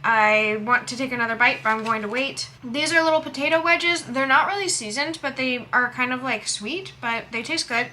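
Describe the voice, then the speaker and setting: A young woman with a bright, slightly high voice talks casually to her viewers in a food vlog. She thinks out loud as she tastes each dish and describes it. She is recording in a hotel room. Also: slight background noise. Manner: chatty, thinks aloud while tasting. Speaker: vlogger.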